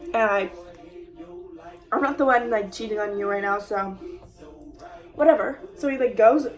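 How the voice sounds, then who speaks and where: A young woman talking straight to camera in a casual storytime, rambling and heavy on fillers and swearing. She acts out what other people said as she goes. Her voice sits at a middling pitch over faint background music. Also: moderate pace, poor audio. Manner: chatty, full of "like" fillers and swearing, acting out quoted lines. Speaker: vlogger telling a story.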